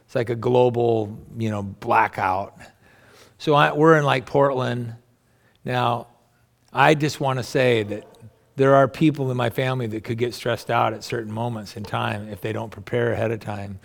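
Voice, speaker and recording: A middle-aged male pastor delivers a relaxed, conversational sermon that wanders into asides. His voice is strongly gravelly, full of vocal fry, and sits at an ordinary mid pitch. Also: moderate pace. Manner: rambling, folksy, with family anecdotes and many asides.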